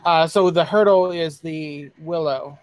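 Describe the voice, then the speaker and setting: Brief: mid-pitched player, hesitant and self-correcting, dry close headset sound. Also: unhurried, no echo. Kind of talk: casual tabletop chat. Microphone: headphones with mic.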